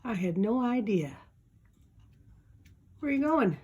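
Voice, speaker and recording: High, breathy-voiced woman cooing at her pet. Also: sing-song, slow, a little mellow. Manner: cooing, teasing, sing-song. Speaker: pet owner filming her parrot. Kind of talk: playful baby talk to a pet. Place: indoors at home.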